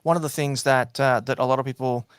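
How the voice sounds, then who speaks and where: A man's voice: mid-range voice, steady tone, a little fast, clean tone, dry recording. A man, a podcast guest chatting casually with many fillers and restarts. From New Zealand. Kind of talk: casual chat.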